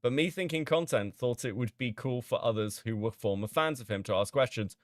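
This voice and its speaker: A man streaming casually as he reads out chat logs and reacts with sudden loud disbelief and swearing. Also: medium pitch, expressive, a little fast, hardly any pauses, no echo, clean studio sound.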